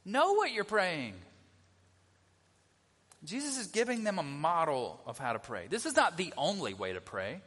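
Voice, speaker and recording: A man's voice: on the high side, sing-song, moderate pace, pauses often, fairly bright tone. A middle-aged male pastor giving a conversational sermon, often asking the congregation questions. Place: church sanctuary. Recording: long reverb of a church hall.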